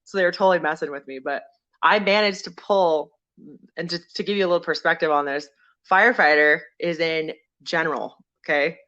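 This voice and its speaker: Bright-voiced woman telling a lively story. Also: brisk, highs cut off. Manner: animated, acts out quoted people with sudden jumps in pitch. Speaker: podcast guest, veteran and former firefighter. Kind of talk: casual storytelling.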